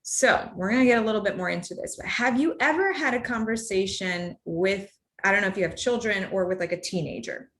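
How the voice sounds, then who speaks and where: A woman's voice: mid-range voice, brisk, few pauses, a little hiss or hum. Chatty woman presenting a workshop. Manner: animated, conversational, addresses the audience. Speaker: workshop speaker. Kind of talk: live workshop talk. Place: room with a live audience. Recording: roomy echo.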